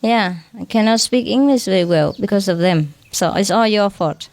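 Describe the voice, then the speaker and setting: A woman spiritual teacher gives an informal lecture in a mid-range voice at normal speed, with background noise present. She's chatty and self-mocking, joking about her broken English and often closing phrases with a questioning "huh?".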